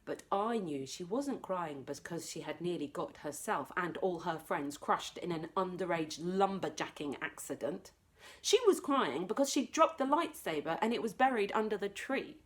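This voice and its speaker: Slow, lively woman reading aloud. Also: lowish voice. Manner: expressive, drops to whispers for tension. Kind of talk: children's storybook read-aloud.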